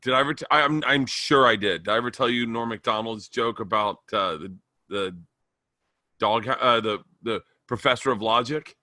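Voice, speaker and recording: A man's voice: mid-range voice, moderate pace, sharp tone, dry recording, studio quality. A man co-hosting a podcast in casual chat, a rambling storyteller who restarts his sentences. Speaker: podcast co-host.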